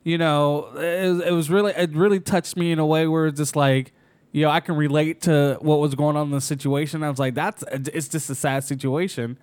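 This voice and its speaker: A man's voice: on the high side, steady tone, a little fast, darkish tone, clear, resonant tone, no room sound. A man co-hosting a casual podcast, easygoing and chatty, peppering his stories with "dude.". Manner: easygoing, says "dude" a lot. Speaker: podcast co-host.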